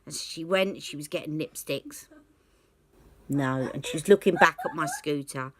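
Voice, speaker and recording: A woman's voice: sits low, moderate pace, husky. A woman vlogging about beauty, candidly recounting a personal story and acting out the conversations she remembers. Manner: candid, reflective, acts out remembered dialogue.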